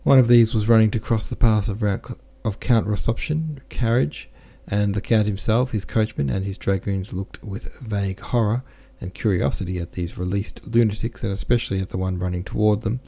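A man narrates a classic novel in a low, mellow voice. He reads at a steady, unhurried pace and calmly corrects the odd slip. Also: gravelly. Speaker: audiobook narrator. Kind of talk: scripted narration.

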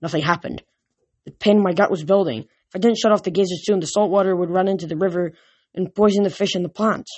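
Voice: medium pitch, quick pace, darkish tone, no echo, dull audio. A reader narrating a novel chapter aloud, with small slips and restarts. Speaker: audiobook reader. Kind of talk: storybook narration read aloud.

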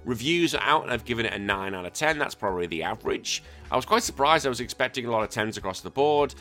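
Brief: male podcast host, thirties, low-ish voice, sweary jokey rants. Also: lively intonation, quick pace, bright, forceful tone, soft background music. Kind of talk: casual chat.

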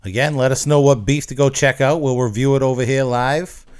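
A man's voice: medium pitch, a little fast, clear, resonant tone. A man co-hosting a podcast, trading crude jokes in upbeat casual banter. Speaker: podcast co-host.

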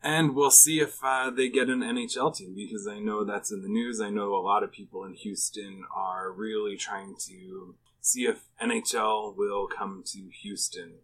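A man's voice: lowish voice, fairly even intonation, moderate pace, few pauses, a bit bright, poor audio. A man hosting a casual interview, asking easygoing, curious questions and checking facts. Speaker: podcast host.

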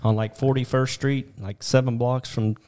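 A man's voice: mid-range voice, flat delivery, moderate pace, warm tone. A middle-aged man from Detroit, co-hosting a podcast in a casual, rambling chat and laughing often. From Detroit, Michigan. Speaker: podcast co-host.

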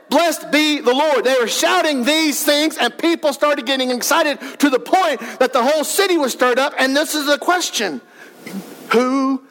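A male pastor preaching a sermon, talking fast and emphatically and building to shouts. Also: extremely high pitch.

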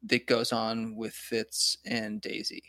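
A man's voice: fairly low pitch, completely flat delivery, takes it slowly, pushed and bright, no room sound, clean studio sound. A man co-hosting a casual podcast, talking about a TV show in a rambling way full of "like". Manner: rambling, filler-heavy. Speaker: podcast co-host. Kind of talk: casual TV recap chat.

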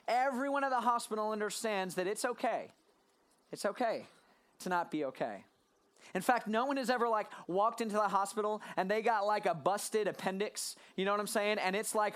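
Pastor, sermon to a live room, sarcastic, quick asides, mid-range voice. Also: mid-range voice, fairly bright tone.

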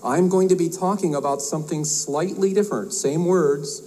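A man who is an herbalist giving a talk to health practitioners, folksy and halting, with many fillers and restarts. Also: on the high side, dark tone, low-quality recording. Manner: tells a joke with acted voices. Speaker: herbalist speaker at a health conference.

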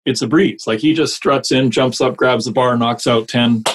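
A man coaching mortgage brokers in a casual podcast conversation, energetic and quick to rattle off lists of examples. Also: medium pitch, slight background noise.

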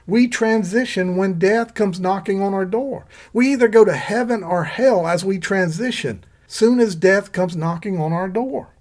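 A man with a noticeably high voice delivers an earnest sermon. He walks through scripture verse by verse, lifting his pitch to press his points home. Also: darkish tone. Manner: earnest, scripture-quoting, rises in pitch for emphasis. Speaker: preacher.

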